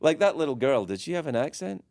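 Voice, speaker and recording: Lively Scottish man joking around. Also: fairly high pitch, creaky, no echo, studio quality. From Scotland. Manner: playful, quick, with stammered restarts. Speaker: guest comedian. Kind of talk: casual radio interview banter. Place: radio studio.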